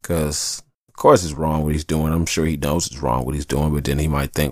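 A man hosting a podcast alone, talking in a casual, rambling and profane monologue, telling stories in an animated way. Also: extremely low pitch, normal speed, no room sound, clean studio sound. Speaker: podcast host.

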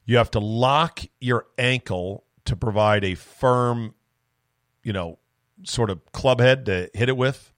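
A man hosting a solo sports podcast, telling loose, profane, animated stories close to the mic. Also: medium pitch, slow, no echo. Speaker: podcast host.

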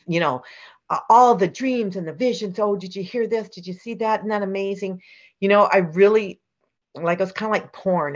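Middle-aged woman, interview guest, chatty, rambling, low voice, muffled recording. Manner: chatty, rambling with fillers and restarts. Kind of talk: casual storytelling interview. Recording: dull lo-fi sound.

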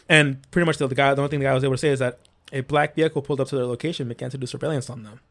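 Male podcast host, middle-pitched, casual storyteller reading eerie reports. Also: steady tone, rapid-fire. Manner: reads stories aloud with small slips and restarts.

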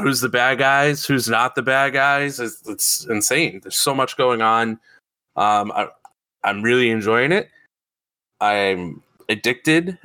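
Excitable, bright-voiced man chatting. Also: medium pitch, no room sound. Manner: excitable, swears freely, rambling. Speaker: podcast co-host. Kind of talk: casual chat.

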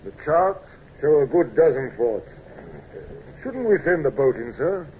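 Earnest, loyal naval captain; somewhat raised voice; vintage radio-play sound. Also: male voice, fairly high pitch, big pitch swings, unhurried, dull audio. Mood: concerned. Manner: deferential, dutiful, forthright. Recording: old radio recording with faint hiss.

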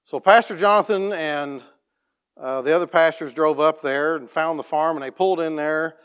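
A plain-spoken man tells a church testimony story as a farm operator, restarting his sentences and clearing his throat often. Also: a little high, normal speed, a bit bright.

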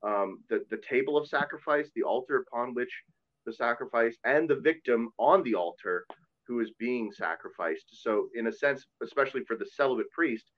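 A man's voice: mid-range voice, lively intonation, normal speed, dull audio. A man who is a Catholic priest, chatting earnestly and at length on a podcast. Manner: earnest, talkative, self-deprecating. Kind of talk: casual podcast chat.

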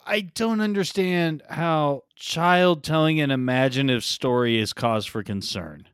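A man's voice: a little high, unhurried, clear, resonant tone, no echo, clean studio sound. A man co-hosting a podcast, chatting casually with joking, swearing asides. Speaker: podcast co-host. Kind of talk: casual comedic chat.

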